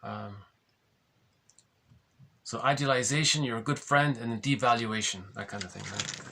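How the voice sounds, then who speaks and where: A man's voice: mid-range voice, moderate pace, vocal fry, long pauses, bright, forceful tone, slight background noise. A man giving an informal spoken lesson, explaining ideas conversationally, often restarting sentences and ending points with "right?". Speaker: lecturer on psychology.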